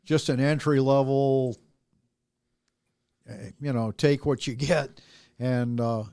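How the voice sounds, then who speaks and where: A man's voice: mid-range voice, fairly even intonation, takes it slowly, mellow, clear, resonant tone, no echo, clean studio sound. A man co-hosting a racing show, talking in a friendly, enthusiastic way. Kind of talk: casual chat.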